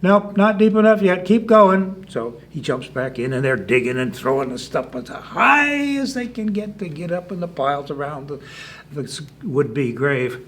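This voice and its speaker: A man's voice: mid-range voice, very animated, normal speed, a bit bright, a little hiss or hum. A man telling a folk tale in a folksy, conversational storytelling manner. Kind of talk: folk tale told to an audience.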